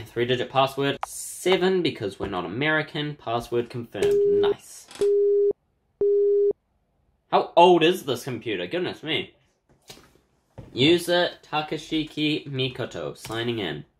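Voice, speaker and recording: A man giving casual let's-play commentary over a horror game, wry and offhand. His voice sits mid-range but jumps around with lively pitch. A faint hiss lies underneath. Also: measured pace, long pauses. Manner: casual, wry, coughs now and then. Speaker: game player.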